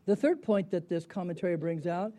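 A man's voice: high voice, fairly quick, mellow. A middle-aged man teaching a Bible class in a conversational way, asking his students questions and answering them himself. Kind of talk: Bible study lecture.

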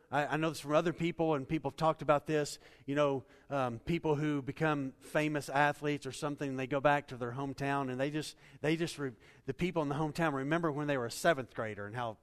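A man preaching a sermon, animated, acting out quotes and swinging between loud and soft. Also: on the high side. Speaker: pastor. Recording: hall reverb.

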